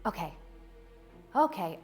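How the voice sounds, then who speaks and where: A woman vlogging a ghost hunt in an abandoned house, talking to spirits, jumpy and swinging from hushed to loud. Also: slow, soft background music. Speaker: paranormal vlogger. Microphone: small mic on the camera.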